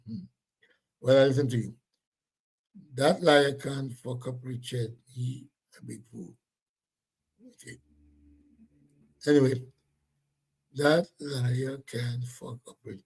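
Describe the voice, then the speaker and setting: A man with a voice on the high side hosts a casual livestream, reading out viewer comments and scolding them in a loud, blunt, repetitive way.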